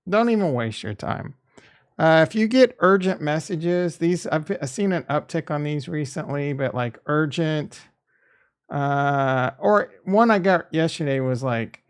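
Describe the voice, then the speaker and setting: A man's voice: fairly high pitch, expressive, a little slow, smooth. A man hosting a crypto investing channel, talking in a candid, rambling way that is casual and peppered with swearing.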